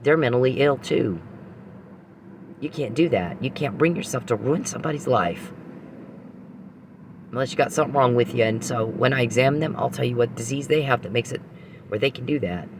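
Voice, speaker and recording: A man's voice: mid-range voice, a little fast, long pauses, noisy background. A man hosting a podcast, ranting angrily and profanely straight at an adversary. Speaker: podcast host. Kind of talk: angry monologue.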